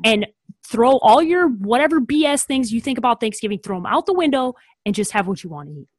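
A woman co-hosts a podcast, speaking a little higher than most. She talks emphatically and with animation, making blunt declarations. The sound is dry and close. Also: lively intonation, a little fast, dry recording. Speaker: podcast co-host. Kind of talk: casual podcast chat.

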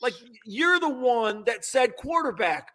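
A man co-hosting a casual sports talk show, ranting in an animated way and mocking what others said. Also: very high voice, unhurried. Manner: animated, ranting, mocks quotes.

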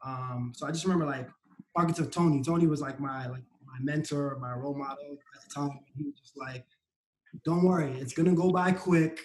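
A man's voice: a little high, brisk, slight background noise. Man, athlete guest, reflective, hesitant, roomy echo. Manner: reflective, hesitant with many ums. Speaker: guest, sprinter. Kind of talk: casual conversation.

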